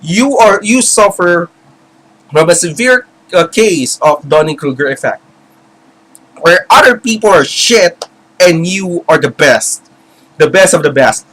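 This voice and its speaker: A man's voice: high voice, expressive, measured pace, long pauses, a bit bright, slight background noise, low-quality recording. A man giving an impassioned, rambling commentary rant, with many fillers and restarts. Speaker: video commentator. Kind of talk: ranting commentary.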